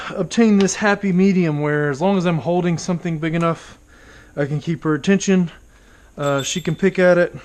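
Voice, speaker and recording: A man narrating a casual vlog outdoors as a falconer, talking quietly and patiently and coaxing his bird between remarks. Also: fairly high pitch. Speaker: falconer training a hawk. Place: outdoors among trees.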